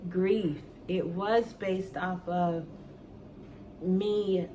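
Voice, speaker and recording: A woman's voice: medium pitch, recorded from a distance, a little hiss or hum. A woman talking earnestly and emotionally to her viewers about faith in a personal vlog at home. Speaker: vlogger. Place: at home indoors.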